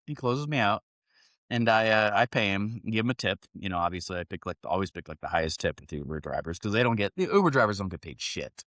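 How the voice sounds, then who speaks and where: A middle-aged man hosting a podcast, telling a story in a profane, animated, casual way. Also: lowish voice, fast, no echo. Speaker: podcast host. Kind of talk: casual chat.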